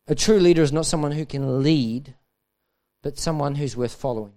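Male preacher, high voice, fervent and repetitive, sermon delivery. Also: normal speed, mellow. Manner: impassioned, repeats phrases, rises to urgent emphasis. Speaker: pastor. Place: dinner event hall.

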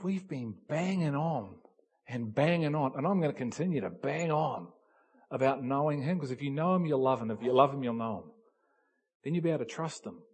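A man preaching a sermon, swinging between hushed lines and loud cries and acting out little dialogues. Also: fairly high pitch, breathy edge.

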